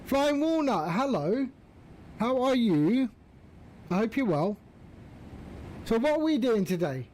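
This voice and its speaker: A man's voice: extremely high pitch, sing-song, slow pace, long pauses, darkish tone, slight background noise, rough recording. A man chatting casually on a live stream, greeting viewers by name while he flies. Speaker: flight-sim streamer.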